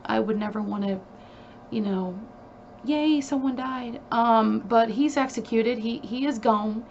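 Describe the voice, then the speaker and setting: A young woman with a fairly high voice tells a true crime story in a loose, chatty way, full of fillers and emphatic asides. The recording sounds a little dull, with a faint hiss behind her. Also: creaky.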